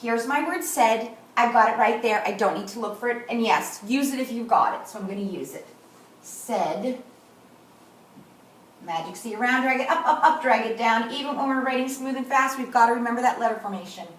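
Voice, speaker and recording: Woman, kindergarten teacher, slow deliberate modeling, bright higher voice, echoey room, far from the mic. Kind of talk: teaching a class.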